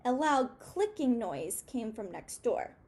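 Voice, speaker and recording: A woman's voice: on the high side, big pitch swings, slow pace, darkish tone. A woman reading a children's storybook aloud expressively, stopping to ask her young listeners questions.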